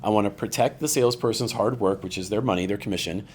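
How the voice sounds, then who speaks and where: Animated man telling stories, low voice. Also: quick pace, slight background noise. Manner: animated storyteller, acts out quoted voices. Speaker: podcast guest. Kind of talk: casual chat.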